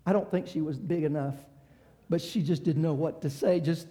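A man preaching a sermon, swinging between shouted climaxes and hushed passages. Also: on the high side, fairly even intonation, normal speed.

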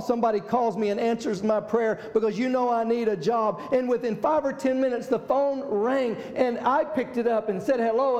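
Male pastor, high pitched, fervent sermon delivery, roomy church sound. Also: a little mellow. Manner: impassioned preaching, repeats phrases, calls out amen and hallelujah.

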